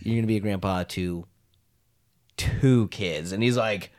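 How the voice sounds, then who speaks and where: A man's voice: fairly low pitch, a little slow. A man co-hosting a podcast, telling stories in casual chat and acting out the people he quotes, often laughing. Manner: animated storyteller who acts out quotes, laughing often. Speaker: podcast co-host.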